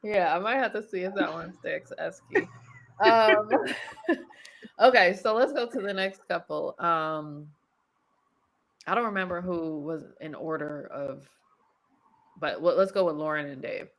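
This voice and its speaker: A woman hosting a casual recap chat, talking in a chatty, animated way and laughing often. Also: lowish voice, measured pace, long pauses. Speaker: podcast host.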